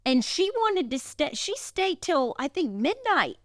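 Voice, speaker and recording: A woman co-hosting a podcast, telling stories in a chatty, quick way with asides. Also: sits high, big pitch swings, no room sound, studio quality. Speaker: podcast co-host. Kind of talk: casual chat.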